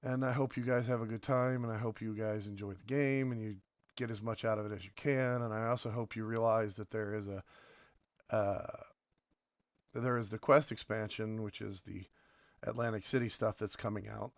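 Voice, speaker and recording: A man with a hoarse voice from being sick, rambling casually as he comments on a game and drifts between topics. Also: lowish voice, steady tone, normal speed, no echo, muffled recording. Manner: rambling, meandering, many fillers. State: hoarse from illness. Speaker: game video host.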